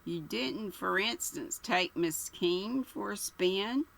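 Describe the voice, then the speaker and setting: A woman's voice: mid-range voice, animated, takes it slowly, vocal fry, fairly bright tone, heavily acted. A woman voicing a stern older male police colonel who asks curt, pointed questions.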